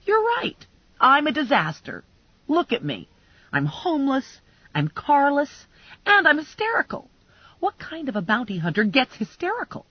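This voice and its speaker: A frazzled young bounty hunter, voiced by a woman reader, talks in a husky voice that leaps high and low. She sounds shrill and self-mocking, recorded dry and a little dull. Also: big pitch swings, fairly quick, few pauses, no echo. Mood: hysterical.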